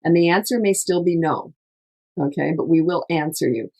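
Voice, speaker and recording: A middle-aged woman coaching parents in a relaxed podcast chat. Her voice sits low for a woman, and she talks in an emphatic, chatty way, slipping into little acted-out lines. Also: moderate pace. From Canada. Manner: chatty, emphatic, laughs often, acts out quotes. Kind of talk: casual advice chat.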